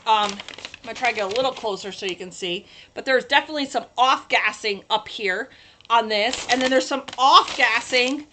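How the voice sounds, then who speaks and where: A woman's voice: on the high side, normal speed, background noise. A woman hosting a casual crafting livestream, chatting to viewers while she demonstrates her projects. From New York State.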